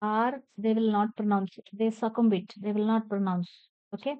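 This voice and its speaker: At a normal speed, a woman with a clear, resonant, mid-range voice and fairly even intonation leads a pronunciation lesson. She's from India, speaks with an Indian English accent, and spells each word letter by letter before repeating it carefully; the lo-fi recording is dry and slightly dull.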